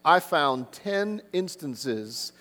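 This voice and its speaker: A man's voice: fairly high pitch, very animated, drawn-out words, bright, forceful tone, in a large hall. A man preaching a sermon, earnest, who keeps asking the listeners rhetorical questions. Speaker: pastor.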